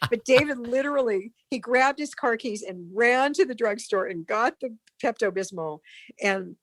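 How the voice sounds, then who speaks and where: A middle-aged woman, a broadcast consultant, telling animated career anecdotes as a podcast guest and acting out the voices of people she quotes. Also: fairly high pitch, normal speed, no room sound. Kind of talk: storytelling in a podcast interview.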